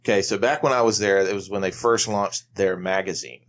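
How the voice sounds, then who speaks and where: Low-voiced man recounting a job. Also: steady tone, brisk, a little hiss or hum. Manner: matter-of-fact, recounts work stories. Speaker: podcast co-host. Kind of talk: casual chat.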